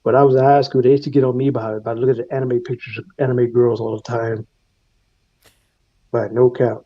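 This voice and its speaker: A man's voice: mid-range voice, level tone, brisk, lo-fi sound. A man joining a livestream panel as a guest, talking in a laid-back, slangy way. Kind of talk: casual livestream chat.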